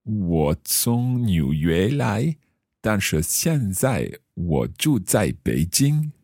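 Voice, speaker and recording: A man playing a polite foreign conference visitor in a slow, careful practice dialogue. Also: on the low side, big pitch swings, darkish tone, husky, no room sound, studio quality, exaggerated voice.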